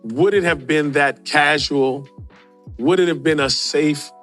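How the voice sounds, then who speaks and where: Male podcast host who talks through clips in a casual, questioning way, slightly high voice, quiet music under him. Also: unhurried. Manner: rhetorical, asks questions and adds "right?". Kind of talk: casual commentary on video clips.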